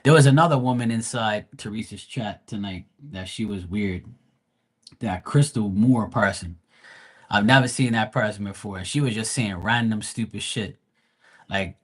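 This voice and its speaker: A man's voice: lowish voice, expressive, moderate pace, husky. A man who reads tarot live, chatting casually with his viewers in a blunt, profane, slangy and rambling way. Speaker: live tarot reader and streamer. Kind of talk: casual livestream chat.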